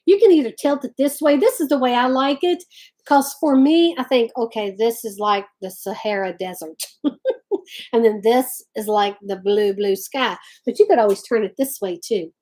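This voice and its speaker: A woman's voice: fairly high pitch, moderate pace, dark tone. A woman hosting a casual craft livestream from home, chatting and reading viewer comments aloud. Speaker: livestream host.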